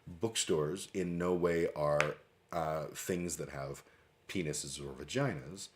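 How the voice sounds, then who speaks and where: A man's voice: very deep voice, slow. A middle-aged man hosting a livestream, telling a rambling story with lots of fillers and casual swearing. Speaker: livestream host. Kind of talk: casual monologue.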